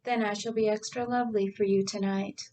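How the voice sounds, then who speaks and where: A woman's voice: medium pitch, steady tone, fairly quick, warm tone, lightly acted. A woman voicing a proper, formal middle-aged wife with a prim manner.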